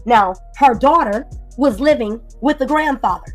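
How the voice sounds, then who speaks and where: A woman's voice: a little high, animated. A woman hosting a commentary stream, ranting angrily and with heavy profanity about another person. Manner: angry, profane, rapid ranting. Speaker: commentary channel host. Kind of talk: heated livestream commentary. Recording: light background music.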